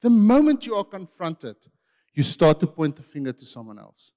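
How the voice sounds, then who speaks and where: High-voiced male preacher in a hall. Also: big pitch swings, normal speed. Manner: impassioned, swinging between loud and hushed. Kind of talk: sermon.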